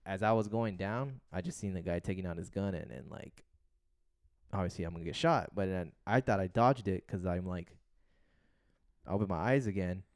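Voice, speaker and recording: Low-voiced young man rambling through a story. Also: moderate pace, a little mellow, clean tone, no echo, clean studio sound. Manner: rambling storyteller, heavy filler words and swearing. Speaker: podcast co-host. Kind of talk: casual chat.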